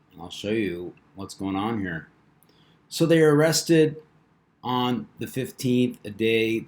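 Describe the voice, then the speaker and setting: Rambling man with a low voice. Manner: rambling, with fillers and stumbles over words. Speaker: channel host. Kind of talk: casual commentary reading a news article.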